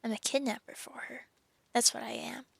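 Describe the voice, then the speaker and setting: A woman's voice: a little high, little pitch movement, normal speed, creaky, breathy edge, dry recording, heavily acted. A woman doing a sobbing, guilty faun. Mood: mournful. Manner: sobbing, mournful. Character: sorrowful male faun, gloomy and guilt-ridden.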